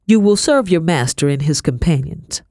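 A woman's voice: low voice, expressive, moderate pace, mellow, no room sound, studio quality. A woman voicing an impatient, haughty lady of the house who snaps commands at her servants. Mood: imperious. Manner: imperious, snapping commands.

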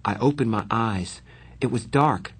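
A man narrating a first-person story in measured, plain storytelling. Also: on the low side, breathy edge. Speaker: audiobook narrator.

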